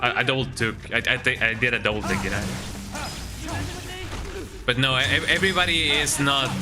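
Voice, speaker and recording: Over music, a man streams a video game in a mid-range voice, keeping a steady tone and moderate pace. His chat is casual and rambling, with remarks frequently capped by a questioning "eh?".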